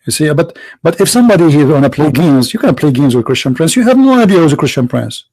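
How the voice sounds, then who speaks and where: A man's voice: a little high, sing-song, fast talker, a little mellow, breathy edge, rough recording. A man hosting a heated religious debate, taunting with repeated rhetorical questions. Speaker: debate show host.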